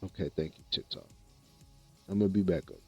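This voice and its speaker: A man's voice: low-pitched, brisk, breathy edge, highs cut off, faint music behind. A man from the American Midwest chatting casually with viewers on a livestream, laid-back and rambling, often repeating himself. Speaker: streamer.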